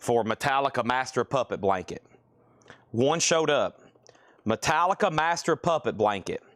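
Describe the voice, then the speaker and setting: Male live-sale host, mid-pitched, loose and chatty, repeats lots and bids. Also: lively intonation, moderate pace, a bit bright. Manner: repeats item names and bids, casual and rambling. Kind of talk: live-stream auction selling.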